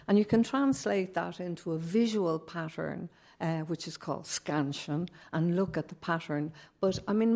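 Woman poet on a panel, non-native English, low gravelly dark voice, reflective and unhurried. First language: not English. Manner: thoughtful, measured, musing with fillers.

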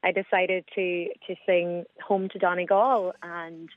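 Woman, singer on a phone-in, friendly, hesitant, low-ish voice, thin dry line. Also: flat delivery, unhurried, no room sound, phone-quality sound. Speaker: singer, radio guest.

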